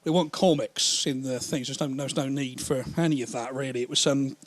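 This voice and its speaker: A man doing a stand-up comedy routine, rambling and profane, slipping into quick voices for the characters he describes. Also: medium pitch, steady tone.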